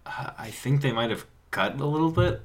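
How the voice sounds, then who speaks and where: Male podcast co-host, mid-pitch voice, animated storyteller who laughs through his anecdotes. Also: moderate pace. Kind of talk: casual chat.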